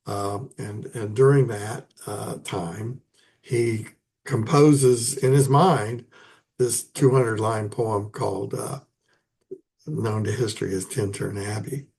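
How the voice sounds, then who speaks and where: A man giving an unscripted poetry lecture, halting and full of ums and restarts. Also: lowish voice, steady tone, gravelly, darkish tone. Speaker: poetry teacher.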